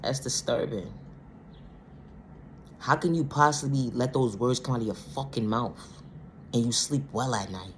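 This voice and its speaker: A woman vlogger delivering a blunt, profane monologue rant, swinging between low, quiet stretches and loud, high outbursts. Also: measured pace, long pauses, a little hiss or hum. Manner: blunt, profane, repeats "ma'am, sir" and "respectfully".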